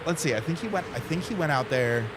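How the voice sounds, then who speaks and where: A man's voice: fairly high pitch, lively intonation, fast talker, noisy background. A man in his thirties, a streamer, telling a rambling casual story full of fillers and little acted voices. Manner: rambling, lots of fillers, acts out friends' voices.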